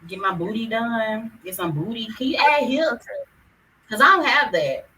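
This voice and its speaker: Giggly woman with a bright, lively voice. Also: on the high side, normal speed, recorded from a distance, a little hiss or hum, low-quality recording. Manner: giggly, laughs often while talking. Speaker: podcast co-host. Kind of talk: casual chat.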